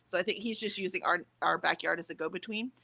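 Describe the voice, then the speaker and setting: A woman's voice: fairly low pitch, fast, creaky, pushed and bright. A woman chatting casually with a co-host between writing sprints, laughing often. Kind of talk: casual chat.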